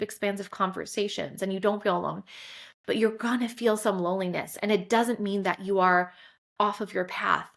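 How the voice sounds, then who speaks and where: A woman, hosting a solo podcast and telling a personal story candidly and emotionally, full of casual fillers. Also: medium pitch. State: close to tears at times. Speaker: podcast host.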